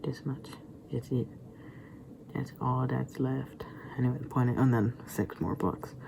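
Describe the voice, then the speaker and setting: Speaking a little slowly in a gravelly mid-range voice, this young vlogger rambles casually to camera. He keeps restarting with stammers and drops into whispers, and there's constant background noise.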